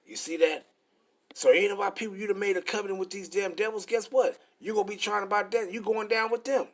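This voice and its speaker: Fiery profane preacher guy, raspy, slightly high voice, drags out bible verses. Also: steady tone, fairly bright tone. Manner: profane, combative, reads verses slowly. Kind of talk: street-style scripture preaching.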